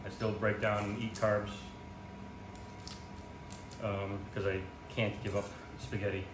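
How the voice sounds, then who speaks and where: A man's voice: on the low side, level tone, slow pace. Rambling, joking man in an echoey kitchen. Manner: rambling, joking, self-mocking, lots of ums. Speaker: home cook vlogger. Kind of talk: casual cooking vlog chat. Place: home kitchen. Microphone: phone camera in portrait mode. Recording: echoey room with background noise.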